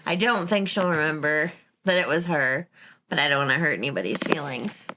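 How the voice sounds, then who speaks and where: A woman's voice: low voice, brisk, background noise. A woman co-hosting a podcast, telling a story in casual chat with a lot of laughing. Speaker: podcast co-host.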